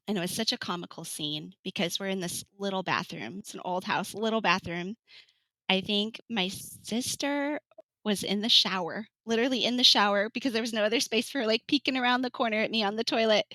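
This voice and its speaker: Her medium-pitched voice is bright and forceful, and she talks fairly quickly on a dry, low-quality recording. The podcast guest, a Californian woman in her thirties, shares her birth story in an interview, chatty and laughing, acting out what others said.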